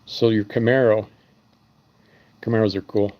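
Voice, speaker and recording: A man's voice: on the low side, level tone, normal speed, muffled recording. A man who runs an engine machine shop, rambling through stories in a casual live stream. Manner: rambling storytelling with fillers.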